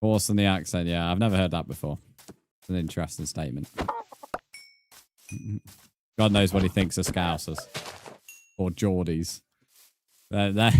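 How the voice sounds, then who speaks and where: A man's voice: low voice, fairly even intonation, normal speed, a little mellow. A British man chatting casually on a live game stream, easygoing, with lots of fillers as he reads out the chat. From United Kingdom.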